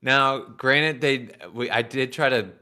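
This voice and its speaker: A male co-host with a bright, forward voice at middle pitch. He talks in a wry, self-deprecating way. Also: slow pace, smooth. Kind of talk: casual podcast chat.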